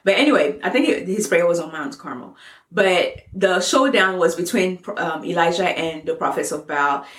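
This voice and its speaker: A woman's voice: on the low side, animated, normal speed, a bit bright. A woman co-hosting a faith podcast, chatting casually and laughing as she explains a Bible story. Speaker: podcast co-host. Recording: echoey room.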